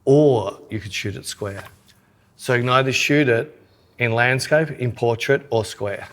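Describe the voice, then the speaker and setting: A man's voice: medium pitch, measured pace, a bit bright. A man co-hosting a podcast, rambling and teasing in casual chat. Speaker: podcast co-host, photographer.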